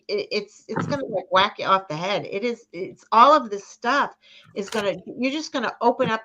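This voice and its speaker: A woman with a Boston accent reads cards over a video call, and the sound is a little dull. She speaks haltingly and restarts often as she searches for words. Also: mid-range voice, fairly bright tone. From New England, near Boston. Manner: halting, restarts often, talks of spirit and intuition. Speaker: card reader and co-host. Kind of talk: live card reading chat.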